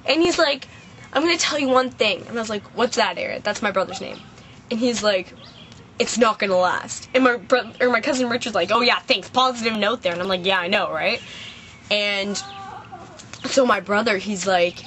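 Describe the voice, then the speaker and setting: A woman's voice: medium pitch, lively intonation, fairly quick, fairly bright tone, a little hiss or hum. A teenage girl ranting casually to camera, chatty and rambling, full of "like" and "I was like" as she tells a story outdoors. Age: teens. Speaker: vlogger.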